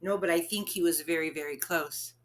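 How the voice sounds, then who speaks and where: A woman reading a picture book aloud to children, expressive and asking them questions. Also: lowish voice, fairly quick. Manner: expressive, asks listeners questions.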